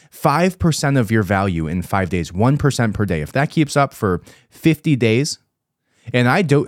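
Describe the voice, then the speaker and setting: A man's voice: lowish voice, dry recording, clean studio sound. A man hosting a podcast, giving casual, emphatic commentary and repeating his points for force. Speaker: podcast host.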